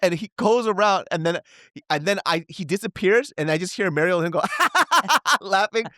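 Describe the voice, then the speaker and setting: A man chats on a podcast with a very lively, up-and-down voice. He breaks into squeaky impressions as he tells stories. The sound is dry and close. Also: moderate pace, no room sound. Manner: animated storytelling with high-pitched impressions. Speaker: podcast co-host. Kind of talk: casual chat.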